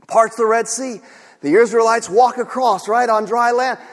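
A male pastor preaching a sermon with emphasis, often rising to shouts and asking rhetorical questions. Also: extremely high pitch, steady tone, normal speed, big-room sound.

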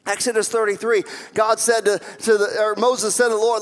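A man's voice: high-pitched, little pitch movement, moderate pace, hardly any pauses. A man preaching a sermon as pastor, acting out quoted voices and building to fervent emphasis. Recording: long hall reverb.

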